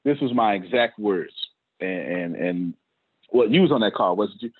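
Husky-voiced man hosting a call meeting. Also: on the low side, lively intonation, moderate pace. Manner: emphatic, repeats himself, casual slang. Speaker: business leader hosting a team meeting. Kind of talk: motivational talk on a video call. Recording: tinny phone-like call audio.

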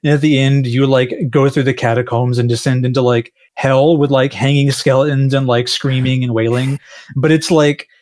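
A man's voice: medium pitch, steady tone, moderate pace, a little mellow. A man, a game developer, chatting casually on a panel, rambling and self-deprecating, laughing often.

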